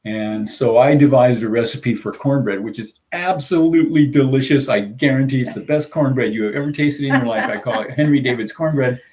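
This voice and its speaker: A man's voice: mid-range voice, brisk, hardly any pauses, a little mellow, slight background noise. A man who grew up in the American South, co-hosting a casual live chat aboard a small sailboat, rambling with lots of fillers and chuckles. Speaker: sailing vlog co-host.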